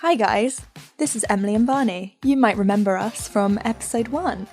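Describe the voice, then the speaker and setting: Bubbly woman co-host, music behind. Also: normal speed. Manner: bubbly, giggly, swooping pitch. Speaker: podcast co-host. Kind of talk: playful casual chat.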